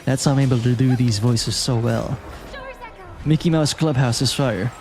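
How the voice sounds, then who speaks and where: This Malaysian streamer speaks at a moderate pace with a medium-pitched voice as he plays a game. Easygoing and talkative, he reads out his chat and replies to viewers over faint game music.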